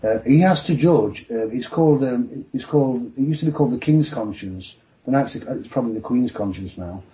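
A man's voice: mid-range voice, fairly quick, poor audio. A man telling a long story on a podcast, acting out the voices of others as he goes. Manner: animated, mimics voices in retelling. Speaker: guest telling his story.

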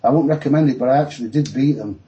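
A man's voice: mid-range voice, very fast, lo-fi sound. A man telling a long story on a podcast, acting out the voices of others as he goes. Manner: animated, mimics voices in retelling. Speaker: guest telling his story.

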